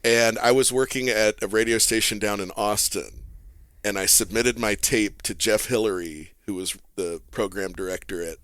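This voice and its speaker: A man, a therapist and guest telling an animated story in casual podcast chat and laughing as he talks. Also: lowish voice, normal speed, clean tone, dry recording. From Texas. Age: 40s.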